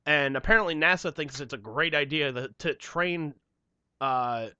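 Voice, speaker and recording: A man's voice: fairly high pitch, normal speed, pushed and bright, smooth, no room sound. A young man co-hosting a casual podcast chat, swearing freely and acting out the people in his stories. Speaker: podcast co-host. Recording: dull lo-fi podcast mic.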